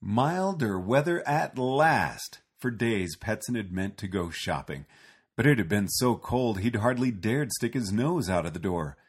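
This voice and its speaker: A man reading a storybook aloud with expressive, animated narration. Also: on the low side, a little slow, slightly rough.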